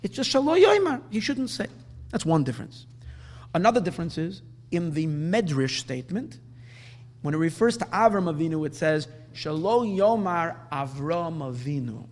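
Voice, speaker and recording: A man teaching a Talmudic lecture, explaining the text and drawing out the Hebrew quotes slowly. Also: on the high side. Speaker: Torah teacher.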